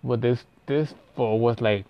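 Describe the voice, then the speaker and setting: A man's voice: mid-range voice, fairly even intonation, a little slow, muffled recording, slight background noise. A young man telling a story casually, rambling and profane, with lots of "like" fillers and restarts.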